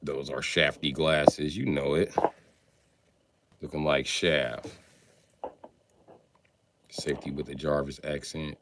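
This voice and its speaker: A man's voice: a bass voice, level tone, slow pace, pauses often, heavy background noise. A man in his forties chatting casually on a livestream, answering viewers with profane, slangy, joking banter. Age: 40s.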